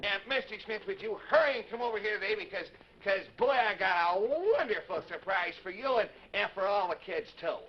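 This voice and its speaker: A man's voice: sits high, expressive, brisk, few pauses. A man voicing an eager, cheerful boy puppet who stammers and restarts his words, on a noisy lo-fi 1950s TV broadcast.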